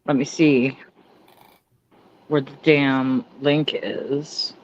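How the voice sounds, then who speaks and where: A woman's voice: extremely low pitch, flat delivery, drawn-out words, muffled recording. A woman with a Canadian accent hosting a livestream in casual chat, giggling often and saying "like" a lot. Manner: giggly, chatty, lots of "like". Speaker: livestream host.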